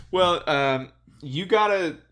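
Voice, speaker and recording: A man co-hosting a podcast in casual chat, relaxed and amused, chuckling often and restarting his sentences. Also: fairly high pitch, extremely slow. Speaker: podcast co-host.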